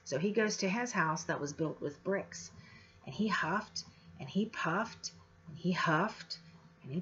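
A woman's voice: mid-range voice, fairly bright tone. A woman teacher giving an informal, chatty lecture with many fillers and restarts. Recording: slightly dull lo-fi audio.

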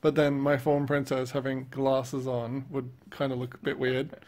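A young man co-hosting an art channel, chatting in a relaxed way and trailing off mid-sentence. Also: medium pitch, normal speed. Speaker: channel co-host. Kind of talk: casual chat over a drawing video.

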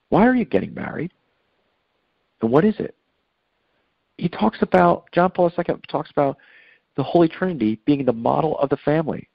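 A middle-aged man talks earnestly on Catholic radio, circling back on his points with fillers and restarts. His voice is gravelly and husky. The sound is dry and slightly dull, like an older radio studio recording. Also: a little high, no room sound. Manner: earnest, preachy, repeats himself with fillers. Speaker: guest speaker on marriage.

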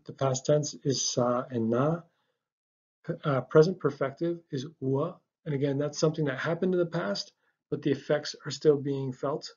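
A man's voice: medium pitch, a little mellow, dull audio. A man explaining a language lesson over slides, patient and step by step, with frequent ums and restarts. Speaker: language teacher. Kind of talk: casual slide-based lesson narration.

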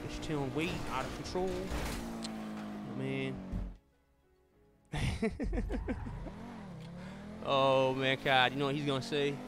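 A male streamer commentates his racing game live. His voice sits at an ordinary middle pitch, and he keeps up a chatty stream of exclamations aimed at viewers and friends. Game music plays clearly underneath. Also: slow, pauses often.

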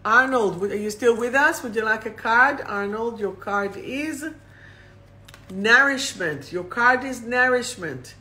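Over a phone or webcam stream, a woman hosts a live oracle card reading, speaking unhurriedly in a bright, clear voice of fairly high pitch. She reads each affirmation slowly, then repeats it.

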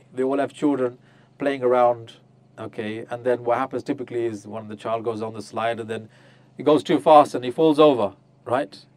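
On a group pilgrimage tour, an Islamic teacher gives an interactive religious lecture, questioning his listeners and acting out little scenes, including the voices of mothers, to make his points. His voice sits in the mid range, with no room sound.

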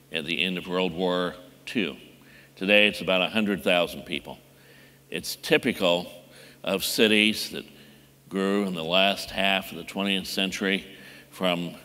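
A man giving a measured, deliberate conference talk as a mayor on a panel. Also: low-pitched, pushed and bright. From Indiana. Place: large conference hall. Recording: long hall reverb.

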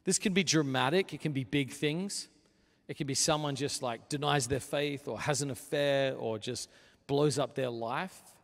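A man preaching a sermon as pastor, earnest and conversational, building to forceful emphasis. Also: mid-range voice, normal speed, vocal fry. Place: church sanctuary. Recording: long reverb of a large hall.

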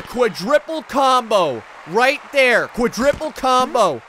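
A man excitedly commentating his own gameplay, often shouting and laughing at what happens on screen. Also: high voice, moderate pace, faint music behind. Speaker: gaming channel host.

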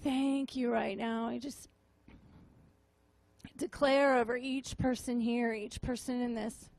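A woman minister giving a tearful, halting sermon testimony to a room, often repeating her words. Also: on the high side, fairly even intonation, creaky, a little mellow. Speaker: prophetic minister. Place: meeting room with audience.

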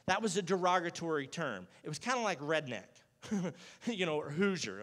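A man in the role of pastor, giving a casual, conversational sermon, acting out Bible dialogue in a lively, jokey everyday voice. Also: a little high, normal speed. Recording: church sanctuary with long reverb.

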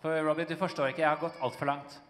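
A male interpreter renders a sermon line by line, speaking quickly in a slightly high voice. He follows the preacher's swings from loud to hushed. Small slips and fillers show it is live. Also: fairly even intonation, long reverb tail, slight background noise. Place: large church hall.

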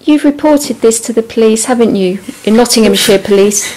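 A woman interviewer asking calm, prompting questions. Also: fairly high pitch, a little fast, a crowd in the background, rough recording.

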